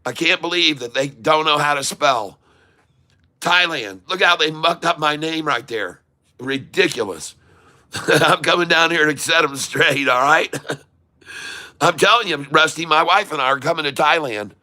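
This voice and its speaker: A man from Michigan hosting a casual live stream, excitedly reading out viewer shout-outs. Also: a little high, unhurried, no echo. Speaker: livestream host. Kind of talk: casual livestream chat.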